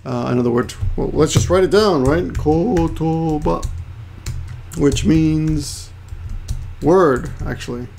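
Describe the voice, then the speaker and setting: A man's voice: on the high side, unhurried, creaky, a little mellow, a little hiss or hum. A man giving a chatty, rambling language lesson, often restarting and adding asides. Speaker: Japanese language teacher. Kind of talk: casual explanatory lesson.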